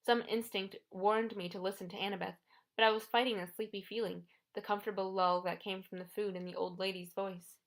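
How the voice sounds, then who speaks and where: A woman's voice: mid-range voice, fairly even intonation, brisk. Woman narrating a tense audiobook. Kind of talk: first-person audiobook narration.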